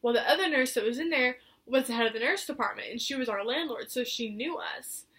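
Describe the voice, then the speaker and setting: A woman's voice: a little high, lively intonation, brisk, a bit bright. A young woman telling a personal story to camera in a chatty, filler-heavy way, acting out what others said. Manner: chatty, filler-heavy, acts out quoted voices. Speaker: vlogger.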